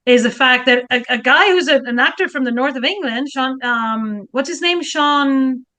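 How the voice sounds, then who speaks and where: A woman guest historian in lively casual chat who laughs often and restarts her words. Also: high-pitched, moderate pace.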